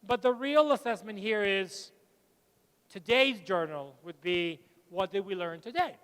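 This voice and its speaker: Middle-aged guy giving a talk, bright high voice, echoes round a big hall. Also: unhurried, smooth. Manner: lively, switches between English and Spanish, tells anecdotes. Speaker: conference speaker. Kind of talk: plenary talk to teachers. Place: large lecture hall. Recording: long hall reverb.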